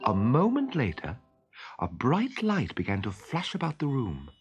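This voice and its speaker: Expressive man reading a storybook aloud. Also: mid-range voice, measured pace, lo-fi sound, faint music behind. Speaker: narrator.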